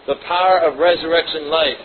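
A man's voice: a little high, steady tone, fairly quick. A man preaching a sermon, reading scripture aloud and then explaining it with personal asides. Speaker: pastor. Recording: muffled phone-like audio, faint hiss.

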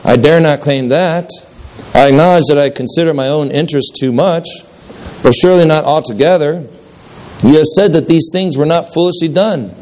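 A man's voice: fairly high pitch, normal speed, a little mellow, lightly acted. A man voicing a proud, indignant older man who stammers out earnest protests about his good deeds during a story reading. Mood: dismayed.

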